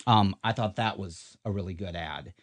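A man's voice: low-pitched, moderate pace, dry recording. A middle-aged man, talking casually as an advertising guest and rambling with lots of ums and restarts. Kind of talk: casual interview chat.

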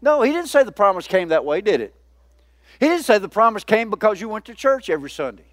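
Man preaching, pastor, high voice for a man, lively and joking, calls out to the crowd, dry close sound. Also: fast talker, no echo. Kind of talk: sermon.

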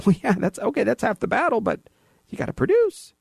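A man hosting talk radio in a rough, slightly raised voice, opinionated and sarcastic. He acts out little exchanges to make his points. The sound is dry and close, with no room around it. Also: sits high, brisk, no echo. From California. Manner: animated, sarcastic, acts out dialogue. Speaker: radio show host. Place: radio studio.

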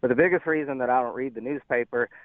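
A man's voice: medium pitch, quick pace, no echo. A man calling in to a radio show, talking in a rambling, folksy way with many fillers. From lives in Lubbock, Texas. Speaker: caller. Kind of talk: phone-in conversation. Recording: tinny phone line.

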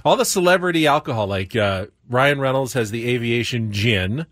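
A man's voice: medium pitch, lively intonation, moderate pace, a bit bright, no room sound. A man hosting a casual sports radio show from a studio, easygoing and joking with his co-hosts. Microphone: studio microphone.

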